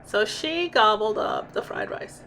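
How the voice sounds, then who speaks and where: A woman's voice: medium pitch, expressive, a little slow, a bit bright, slight background noise. A middle-aged woman, chatting casually in a vlog, laughing often and breaking off mid-sentence. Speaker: vlogger.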